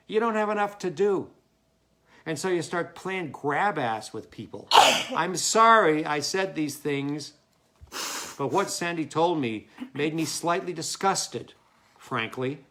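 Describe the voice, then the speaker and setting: A man's voice: a little high, expressive, measured pace, voice pushed up. A man reading the part of an earnest, jealous young man in a staged play reading, scolding and then apologizing. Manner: scolding and self-reproaching, loud in spurts. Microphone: home mic.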